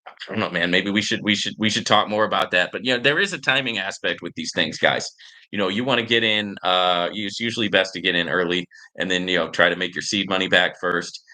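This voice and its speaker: A man's voice: sits low, brisk, sharp tone. A man hosting a casual livestream and answering viewer comments. He rambles and tags his points with "right?" and filler words. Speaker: livestream host.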